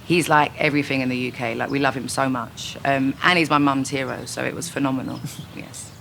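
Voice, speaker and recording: Woman, 30s, dry and candid interviewee, bright tone, faint hiss. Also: extremely low pitch, fairly even intonation, fairly quick, creaky. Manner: frank, dry, laughs easily. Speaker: singer being interviewed. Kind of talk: casual quick-fire interview answers. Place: her home.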